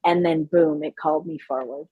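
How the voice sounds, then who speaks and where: A woman's voice: sits low, steady tone, moderate pace, breathy edge, no echo, narrow, tinny audio. A woman co-hosting a spiritual talk show, speaking in an earnest, reflective way. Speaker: co-host. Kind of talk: spiritual casual chat.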